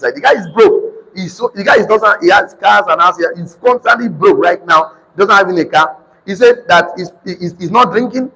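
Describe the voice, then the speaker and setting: A man with a Nigerian accent preaching to a live congregation, calling for responses and slowly repeating key lines for notes. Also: sits high, slightly rough. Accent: Nigerian English. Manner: sudden shouted emphasis. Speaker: motivational preacher. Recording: reverberant hall.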